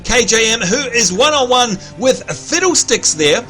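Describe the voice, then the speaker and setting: This Australian game commentator, hosting a livestream, calls the play-by-play of a match he's playing in an upbeat way while chatting with viewers. His voice is very high, bright, and forceful with big pitch swings at a measured pace; he's slightly hoarse and clears his throat over faint music.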